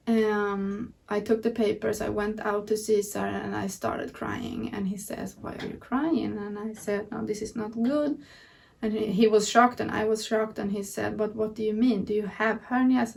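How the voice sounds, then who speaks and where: A woman's voice: mid-range voice, gravelly, recorded from a distance. A woman vlogger telling her personal story earnestly and candidly to camera. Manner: earnest, candid retelling of events.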